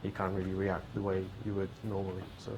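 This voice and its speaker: Monotone man telling a work story. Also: sits low, fast, dull audio, a little hiss or hum. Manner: casual, storytelling. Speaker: panelist. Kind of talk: panel discussion. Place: meetup event room.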